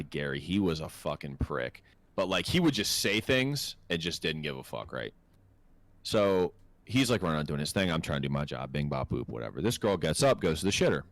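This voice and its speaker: A man hosting a podcast, telling a story in an animated, profane, laughing way. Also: extremely low pitch, no echo. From North America. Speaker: podcast host. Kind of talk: casual storytelling chat.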